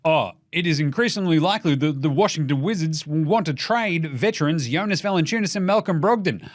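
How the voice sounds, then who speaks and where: A man's voice: fairly high pitch, lively intonation, brisk. A man from Australia hosting a casual sports podcast, rowdy and sweary, cracking jokes and slipping into silly voices. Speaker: podcast host.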